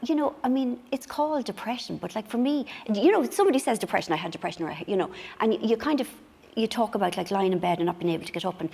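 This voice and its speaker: A woman's voice: medium pitch, animated, fast talker, creaky, a little mellow, breathy edge, long reverb tail. A middle-aged woman, a guest on a book show, chatting candidly and self-mockingly, acting out little scenes in quoted voices. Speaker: author guest.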